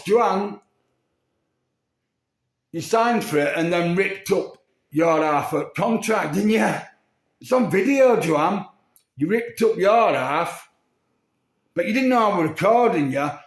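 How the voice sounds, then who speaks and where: A man speaking straight to someone, rambling and accusing, full of tag questions like "yeah?" and "didn't you?". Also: high voice. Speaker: vlogger. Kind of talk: addressing someone directly to camera. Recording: echoey room.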